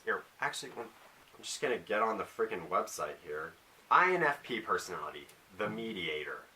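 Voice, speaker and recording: A man's voice: fairly low pitch, sharp tone, a little hiss or hum. A teenage boy talking casually in a rambling, self-deprecating vlog monologue with jokey asides. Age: teens. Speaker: vlogger.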